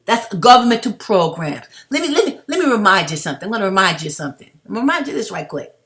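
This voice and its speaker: A woman's voice: mid-range voice, sing-song, fast talker, fairly bright tone. A woman delivering a heated, blunt, profane commentary rant straight to her viewers, calling them family. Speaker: video blogger.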